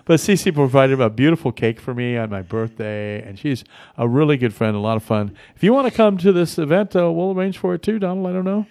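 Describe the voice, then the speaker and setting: A man's voice: a little high, animated, fairly quick, a little mellow, no echo. A man hosting a casual local radio talk show, rambling and friendly with many fillers and restarts. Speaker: radio host. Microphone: studio mic.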